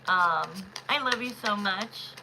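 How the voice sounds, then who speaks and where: Excitable woman reading tarot live, slow easy talk, faint hum behind her. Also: medium pitch, gravelly. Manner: chatty, excitable, talks to viewers directly. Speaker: tarot reader hosting a live stream. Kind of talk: casual live-stream chat.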